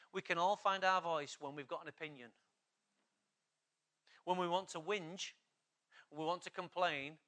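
A male pastor, preaching an urgent, exhorting sermon that builds to loud, emphatic passages. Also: on the high side.

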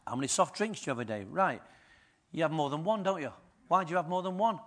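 A man pastor preaching a sermon, firing rhetorical questions at the congregation and swinging between quiet and loud. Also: on the high side, expressive, quick pace.

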